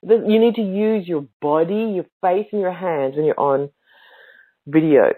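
Woman host, casual coaching talk, emphatic and expressive, narrow phone-like sound. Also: lowish voice, a little slow. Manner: emphatic, animated, with expressive inflections. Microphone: livestream mic.

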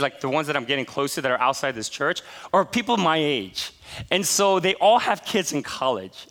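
A pastor in his forties preaching a sermon, telling stories with animated, laughing asides. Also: on the high side.

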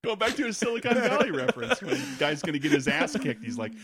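Teasing, lively podcast co-host man. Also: fairly high pitch, quick pace, a little hiss or hum. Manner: joking, teasing, laughs often. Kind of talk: casual chat.

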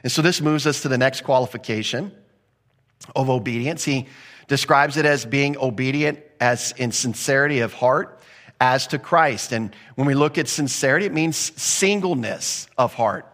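A man preaching a sermon in a conversational way, with quick acted asides and rising emphasis. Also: medium pitch, a bit bright. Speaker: pastor.

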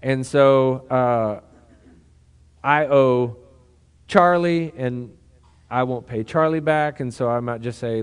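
A male pastor delivering a sermon in a relaxed, conversational way. His voice sits in an ordinary middle range, and he breaks off into asides and restarts as he explains his point to the congregation. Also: mid-range voice, slow pace, pauses often, clean tone.

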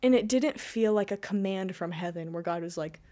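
A woman's voice: medium pitch, normal speed, mellow. A young woman telling her personal faith story in casual conversation, rambling with lots of "like" and restarts. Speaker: guest.

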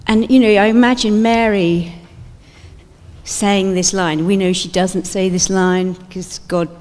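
A woman giving a sermon-like talk at a church event, telling stories in an animated way and acting out scenes. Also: mid-range voice, a little slow. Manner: animated storytelling, acts out scenes. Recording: long hall reverb.

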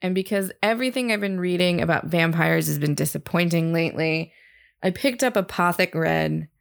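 A woman with a lowish, gravelly voice chats casually from home over a video call. She talks loosely and drops quick jokey asides. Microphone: home mic on a video call.

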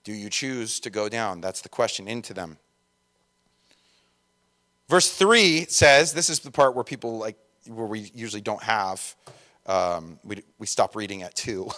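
A man's voice: on the low side, expressive, unhurried, long pauses, bright, forceful tone. Chatty man preaching a casual sermon. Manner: chatty, jokey, self-deprecating, lots of fillers. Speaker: pastor.

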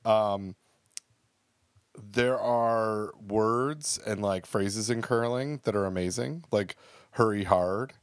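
A man with a lowish voice co-hosts a podcast, taking his time as he chats and rambles with plenty of fillers and false starts. The studio sound is clean, with no room ambience.

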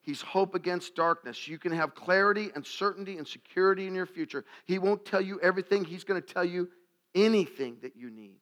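A man preaching a sermon to a congregation, animated and jokey, acting out little scenes. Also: high-pitched, fast. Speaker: pastor.

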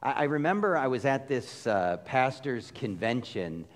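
A man preaching a sermon as a pastor, casual and conversational, with lively asides as he retells a story. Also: mid-range voice, moderate pace. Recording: long reverb of a large hall.

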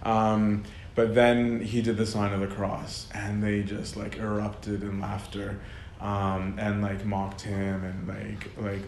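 In an echoey space with faint background noise, a man gives an unhurried, casual lecture. His voice is on the low side and darkish, his delivery flat, and his talk conversational and filler-laden, with frequent laughter mid-sentence.

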